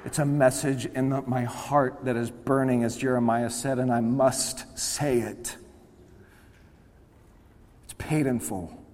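A man's voice: mid-range voice, darkish tone. A man preaching a sermon to a congregation in a church, with impassioned, emphatic delivery. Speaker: pastor. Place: church sanctuary before a congregation. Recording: long hall reverb.

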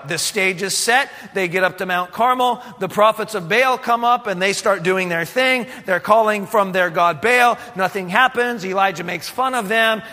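High, bright-voiced preacher in a reverberant hall. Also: male voice. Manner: animated, dramatic storytelling with many restarts. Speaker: pastor. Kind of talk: sermon storytelling. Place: church sanctuary.

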